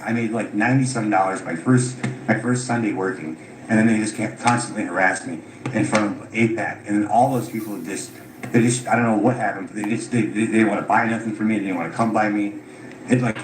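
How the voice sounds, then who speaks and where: A tired, frustrated man recounting his grievances, swearing often as he talks. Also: lowish voice. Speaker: caller telling his story. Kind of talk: unscripted recorded account. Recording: echoey room with loud background noise.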